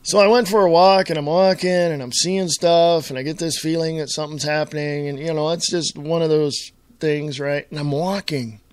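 A man's voice: a little high, steady tone, moderate pace, hardly any pauses, no room sound. Chatty rambling male radio host. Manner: rambling and chatty, frequent asides and throat-clearing. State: clearing his throat often. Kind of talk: casual talk radio monologue.

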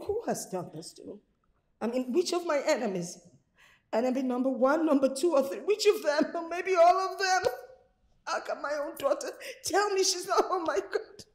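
A woman's voice: high voice, expressive, moderate pace. An actress playing a theatrical African mother who nags young women about getting married. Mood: theatrical despair. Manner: theatrical, wailing and laughing, nagging. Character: pushy dramatic African mother, older woman.

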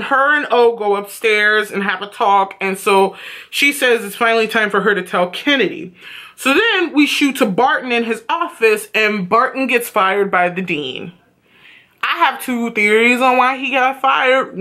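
A woman talks through a TV episode for her vlog in a casual, blunt way, swearing freely. Her voice sits a bit high and has a bright, sharp edge. Her flat tone can come across as sarcastic even when she means it. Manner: blunt and profane, animated retelling. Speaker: TV episode reviewer.

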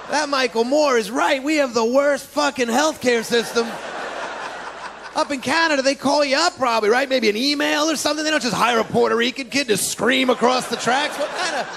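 A man's voice: very high voice, brisk, creaky. A man doing a brash, profane stand-up comedy set on a club stage, with mocking put-on voices. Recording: live club recording with crowd noise. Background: audience laughter and applause.

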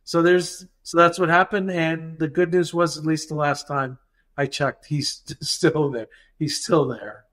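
A man's voice: on the high side, measured pace. A man, a dental practice consultant, retelling an anecdote in a podcast interview and acting out the dialogue as he goes. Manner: animated, acts out dialogue in the retelling.

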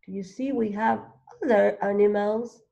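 A woman teaching a child to read, sounding out letters one by one and gently encouraging with prompts and questions. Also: medium pitch, fairly even intonation, moderate pace, creaky, lo-fi sound. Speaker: reading teacher. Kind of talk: phonics read-along lesson for a child.

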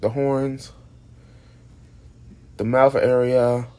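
A drowsy, yawning creator talks through his homemade monster character with flat delivery and drawn-out words. His mid-range voice carries a darkish tone, and he rambles, restarts often, and swears casually along the way.

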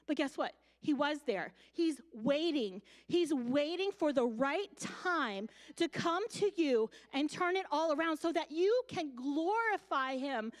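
A woman pastor gives a sermon in a church in a high voice. She talks in a conversational way, acting out the quoted lines as she tells the story. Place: church sanctuary.

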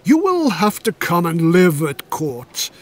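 A man doing a loud, hearty king. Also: high voice, huge pitch swings, slow pace, full character voice. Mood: commanding. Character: commanding middle-aged male king, jovial.

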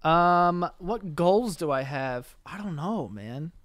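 A man's voice: fairly high pitch, animated, takes it slowly, fairly bright tone, no echo. A man co-hosting a podcast in casual chat, laid-back and loose with swearing. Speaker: podcast co-host.

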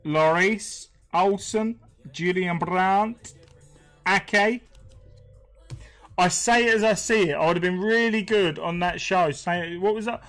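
High-voiced, unhurried British man. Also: fairly bright tone, faint music behind, poor audio. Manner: chatty, reads names aloud, chuckles often. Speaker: host. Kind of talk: casual live-stream commentary.

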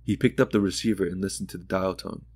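Low, measured male narrator for a sleep audiobook, calm reading, dry close studio sound. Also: no room sound.

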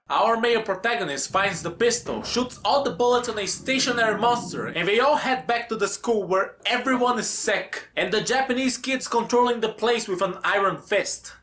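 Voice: medium pitch, normal speed. A movie reviewer talking through a film with sarcastic commentary. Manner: sarcastic, animated.

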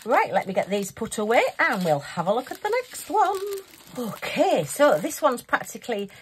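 A woman with a slightly high, sing-song voice hosts a craft channel, chatting through a casual unboxing review at a normal speed. She's giggly and pokes fun at herself, and there's a faint hiss or hum in the audio.

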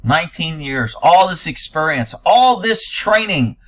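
A man's voice: fairly high pitch, sing-song, a little slow, a bit bright. A man giving blunt, sarcastic, profane commentary while reacting to news footage.

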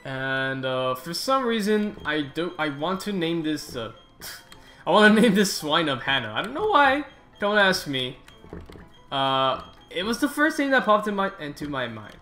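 A man hosts his gaming channel with loose, wandering commentary on his play, getting excited and readily groaning or cursing at the game. His voice is a little high, and soft music plays in the background.

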